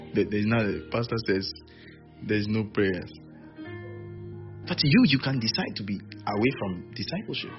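A male pastor preaching a sermon, animated and teasing, with playful mock wailing. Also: lowish voice, a little slow, long pauses, highs cut off, soft background music.

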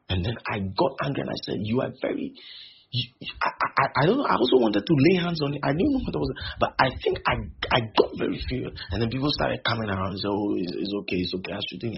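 A male preacher, repeating phrases for emphasis and slowing on key lines. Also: mid-range voice, big pitch swings, background noise. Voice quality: gravelly and very husky. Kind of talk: sermon. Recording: dull lo-fi recording.

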